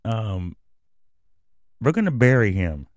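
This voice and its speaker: A man's voice: lowish voice, very animated, slow, a little mellow, no room sound. A man hosting his own radio show, riffing on news items in blunt, profane, rambling rants. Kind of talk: casual commentary and news reading.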